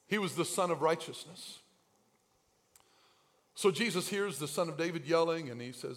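A man preaching a sermon in a church with a high-pitched voice. He drops to quiet, low asides and then climbs to loud, shouted peaks. It sounds like a pastor working the room. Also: moderate pace, long pauses.

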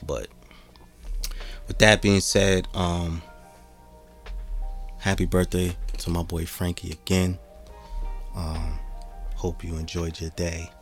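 A man's voice: deep voice, flat delivery, slow pace, pauses often, soft background music. A man hosting a podcast, talking in a laid-back, rambling way and swearing freely. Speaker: podcast host. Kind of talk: casual podcast chat.

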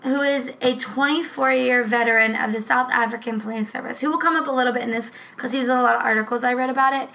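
A woman co-hosting a casual true-crime podcast, talking in a rambling, profane, animated way. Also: fairly high pitch, fast talker, creaky, hardly any pauses, poor audio. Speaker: podcast co-host.

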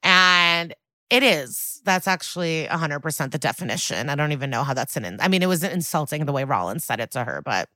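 A woman podcast host recapping a TV episode in a casual, animated way, swearing freely and gushing over the scenes. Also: deep voice, brisk, no echo.

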